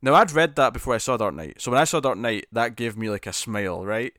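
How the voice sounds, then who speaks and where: A man's voice: medium pitch, quick pace, dry recording, clean studio sound. Chatty man rambling about films. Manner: animated, rambling with many restarts. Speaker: podcast co-host. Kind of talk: casual film discussion.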